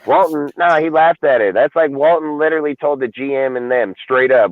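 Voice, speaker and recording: A man's voice: mid-range voice, normal speed, few pauses, no echo. Profane, ranting man on a tinny line. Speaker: podcast host. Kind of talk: casual sports talk. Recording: dry, phone-like lo-fi audio.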